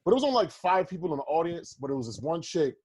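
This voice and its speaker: A man's voice: a little high, big pitch swings, rapid-fire, darkish tone, slightly rough, dry recording. A man, a comedian, telling a story in casual chat over a video call, swearing freely and acting out the quotes. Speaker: stand-up comedian, guest.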